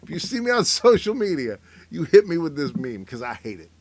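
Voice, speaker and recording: A middle-aged man riffing casually on memes, rambling and wry, filling pauses with "uh" and sometimes slipping into mock voices. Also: a little high, big pitch swings. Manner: rambling, wry, self-interrupting with fillers; mock voices for people he quotes. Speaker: comedian reacting to memes. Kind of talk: casual comic commentary.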